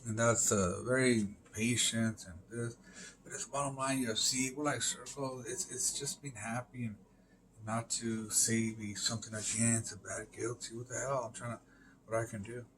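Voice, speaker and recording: A man's voice: fairly even intonation, normal speed. Rambling man swearing, faint background hum. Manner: rambling, filler-heavy, swears, emphatic "boom" interjections. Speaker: live stream host. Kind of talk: casual rambling monologue.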